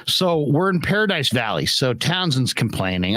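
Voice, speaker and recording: A man's voice: medium pitch, moderate pace, no room sound. A middle-aged man hosting a sports show, telling stories casually, laughing and swearing as he goes. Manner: animated storyteller, laughs, swears freely. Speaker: sports talk host. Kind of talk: casual chat, storytelling.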